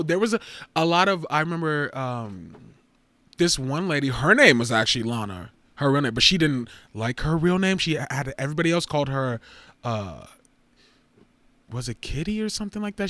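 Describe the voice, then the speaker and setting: A man hosting a casual livestream chat, animated, jumping between loud excited outbursts and quieter asides. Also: medium pitch, no echo. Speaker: livestream host.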